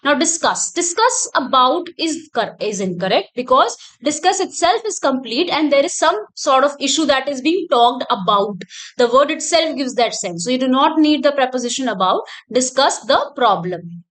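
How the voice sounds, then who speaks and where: High-voiced woman teaching. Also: animated, normal speed, fairly bright tone. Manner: explanatory, repeats points with fillers. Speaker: English teacher. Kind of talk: recorded exam-prep lecture.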